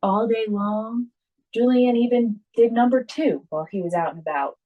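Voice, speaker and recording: A woman co-hosting a podcast, chatting casually and telling a lively story about her kids, acting out what everyone said. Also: fairly high pitch, moderate pace, narrow, tinny audio. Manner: animated storytelling, acts out quotes. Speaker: podcast co-host. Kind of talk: casual chat.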